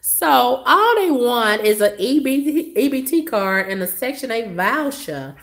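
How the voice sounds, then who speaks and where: A woman's voice: on the high side, big pitch swings, a little slow, fairly bright tone. Sassy woman ranting in an echoey room. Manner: profane, sassy, exaggerated. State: coughing. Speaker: vlogger. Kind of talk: ranting monologue.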